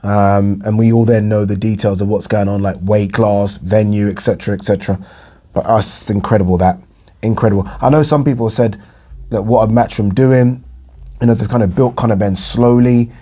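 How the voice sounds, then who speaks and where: This young English man runs a boxing vlog and chats on his own about boxing news in a loose, rambling manner full of fillers and repetition. His voice is lowish and warm, with fairly even intonation and a fairly quick pace.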